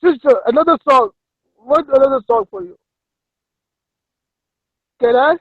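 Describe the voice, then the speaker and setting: A man on a video call speaking halting, non-fluent English, apologetic and hesitant with many restarts, heard through dull call audio. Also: very high-pitched, big pitch swings, vocal fry, no echo. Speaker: chat participant.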